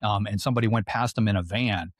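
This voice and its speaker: Fast-talking low-voiced man. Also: no echo, clean studio sound. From United States. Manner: rambling, filler-heavy, self-deprecating humor. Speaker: guest author. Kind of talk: casual interview talk.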